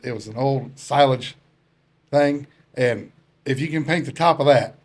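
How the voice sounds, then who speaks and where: A man who is a guest on a casual podcast chat, telling stories in a relaxed, plain-spoken way. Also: mid-range voice, measured pace, long pauses.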